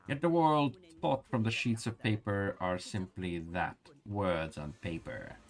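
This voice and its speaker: A man voicing an elderly matriarch who speaks slowly in formal, archaic words. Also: on the low side, soft background music. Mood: solemn. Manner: slow, archaic, formal speech. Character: revered elderly matriarch grandmother, stately and solemn.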